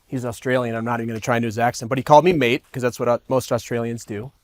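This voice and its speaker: A man's voice: mid-range voice, little pitch movement, rapid-fire, dry recording. A man who works as a coach gives a keynote speech to a live audience. He tells a personal story in a conversational way, with self-deprecating humor, and acts out his own past thoughts. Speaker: coach giving a keynote talk. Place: event stage before a live audience.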